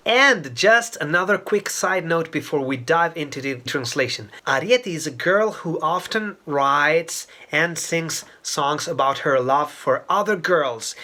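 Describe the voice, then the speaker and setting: A woman's voice: sits low, a bit bright. Chatty woman with a northeastern Italian accent. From Italy. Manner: chatty, digressive, patient explainer. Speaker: Italian language teacher. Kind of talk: explanatory video lesson.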